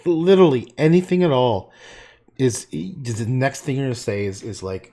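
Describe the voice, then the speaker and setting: A middle-aged man chatting casually and gruffly while he paints on a livestream, swearing and laughing often. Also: medium pitch, wildly swooping pitch, unhurried, dark tone.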